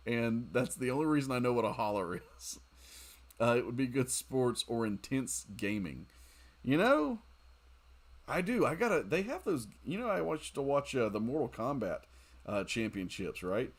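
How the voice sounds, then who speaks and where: A man chatting his way through a game stream, answering viewers and cracking jokes as he plays. His voice sits at a middling pitch but swings up and down with animated energy, and he breaks into laughter easily. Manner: chatty and joking, reads and answers viewer comments, laughs often. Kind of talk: casual live-stream chat while playing.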